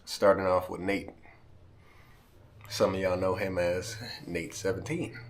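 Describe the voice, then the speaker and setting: A man's voice: deep voice, level tone, unhurried, slight background noise. A man vlogging straight to camera, talking heartfelt and emotional to his friends, near tears and often tagging lines with "man". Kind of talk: emotional direct-to-camera vlog.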